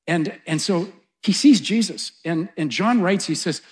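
A man's voice: high voice, a little slow. Fervent middle-aged preacher man. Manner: builds to loud, fervent peaks, then drops soft. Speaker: pastor. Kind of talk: sermon.

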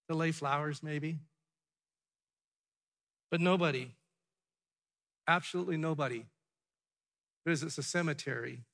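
A man preaching in a voice set a little high for a man, his delivery forceful and pressing, full of repeated phrases and rhetorical questions. He swings between loud declarations and hushed lines. A long reverb trails each phrase in a big hall. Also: gravelly. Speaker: pastor. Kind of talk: sermon.

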